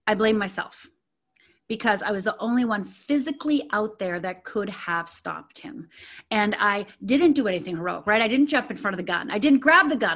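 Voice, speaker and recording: Middle-aged woman, telling her own story as a guest, earnest, lots of "you know" and "um", mid pitch. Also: moderate pace, a bit bright. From Upper Peninsula of Michigan. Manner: earnest, candid, many fillers and repeats. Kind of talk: personal storytelling.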